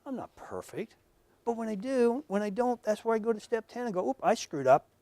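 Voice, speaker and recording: A man giving a conversational lecture to a live audience, earnest and full of stories, dropping to a hush and then rising loud. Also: very high voice, brisk, creaky, dry recording. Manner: earnest, storytelling, swings from hushed to loud. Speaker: lecturer at professional workshop.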